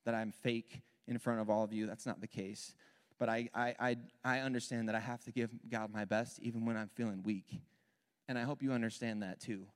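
A man in his thirties, a worship leader telling a candid, animated personal story as part of a sermon. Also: mid-range voice. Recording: long hall reverb.

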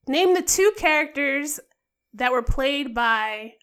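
A woman with a high, bouncing voice that rises and falls widely, chatting casually on a podcast. She quizzes her co-host and giggles easily. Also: slow pace. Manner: lively, giggly. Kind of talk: casual chat.

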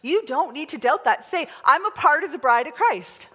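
A middle-aged woman pastor preaching a sermon, chatty and excitable, leading the congregation in call-and-response. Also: high-pitched, normal speed. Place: large church hall. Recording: long hall reverb.

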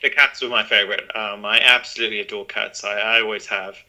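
Chatty man as guest, very bright and sharp tone, lots of ums. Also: fairly low pitch, steady tone, fast talker, rough recording. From Zimbabwe. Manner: friendly, chatty, with many fillers. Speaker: podcast guest. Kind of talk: casual interview.

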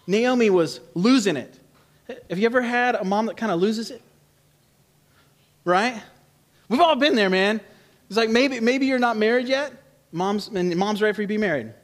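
A man preaching a sermon in an animated, humorous, conversational way, swinging from loud to hushed. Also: sits high, normal speed, long pauses. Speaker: pastor.

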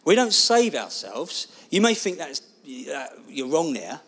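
A man preaching a sermon, telling a personal story in an animated, expressive way. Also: on the high side, a little slow, breathy edge.

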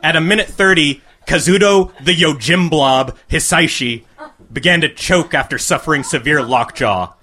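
A man reading a crude comic short story aloud to a live audience, with a deadpan delivery. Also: fairly high pitch, moderate pace.

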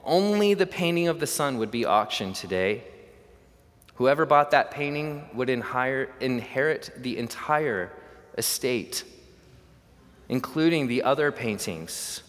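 A man's voice: mid-range voice, expressive, a little slow, natural voice. A man voicing a persistent male auctioneer calling out bids, in a reverberant hall recording. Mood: apologetic, explaining.

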